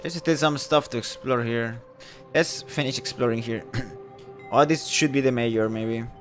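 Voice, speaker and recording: Male streamer, casual live commentary, mid-pitched and offhand, clears his throat often. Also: unhurried, soft background music.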